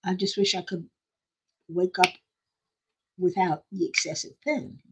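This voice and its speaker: A woman's voice: fairly low pitch, steady tone, a little slow. An older woman hosting a casual craft livestream, chatting in a rambling, self-deprecating way and laughing often. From South Florida.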